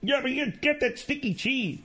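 A man's voice: normal speed, bright, forceful tone, exaggerated voice. A man putting on a dim-witted young male sidekick voice, dopey and drawling, on a radio talk show. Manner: high-pitched, drawling, dopey.

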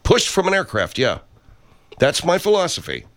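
A man's voice: high-pitched, huge pitch swings, normal speed, fairly bright tone, no room sound. A man in a studio recording pompous self-help promos in an improvised comedy sketch.

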